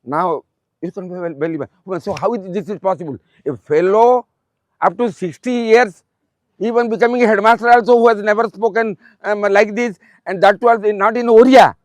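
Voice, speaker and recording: A man in his eighties with an Odia accent, a retired principal giving a fatherly, repetitive motivational speech to students, pausing often with um. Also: sits high, no room sound. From Odisha, India. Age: 80s.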